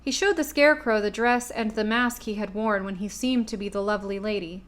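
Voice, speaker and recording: A woman from the US Midwest reading a classic children's book aloud in a steady, clear storytelling voice. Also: mid-range voice, a little fast. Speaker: audiobook reader. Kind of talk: storybook narration.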